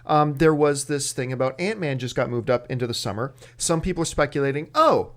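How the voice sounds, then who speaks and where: A man's voice: medium pitch, brisk. A man co-hosting a movie news show, talking casually and thinking aloud with fillers and restarts. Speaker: movie news editor, co-host.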